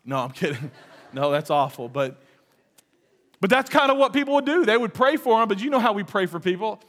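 A man's voice: high voice, moderate pace. A man with a Texan accent preaching a sermon, telling stories animatedly and acting out quoted lines with humor. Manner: animated storytelling, acts out quotes, jokes with the congregation. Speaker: pastor. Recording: reverberant hall.

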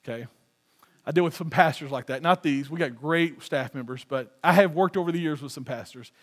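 A man's voice: on the high side, brisk. A male pastor preaching a sermon in a conversational, humorous way, often laughing at his own jokes.

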